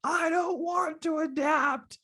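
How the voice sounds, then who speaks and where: A man imitating his three-year-old grandson, a small boy throwing a tantrum and yelling stubbornly. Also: very high voice, fairly even intonation, slow, pitched above the performer's own voice, exaggerated voice. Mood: whining.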